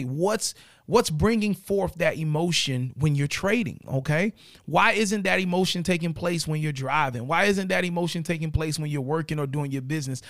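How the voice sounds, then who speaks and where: An energetic man in his thirties hosts a motivational podcast, talking to listeners in a slightly higher voice. The sound is dry and close, and he keeps checking in with a quick "right?". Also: creaky, no echo. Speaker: podcast host. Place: home studio in South Florida.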